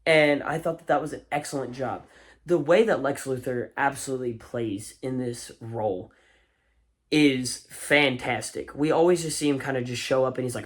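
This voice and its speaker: A man's voice: medium pitch, normal speed. A man giving a casual spoken movie review, enthusiastic and rambling, with fillers and restarts.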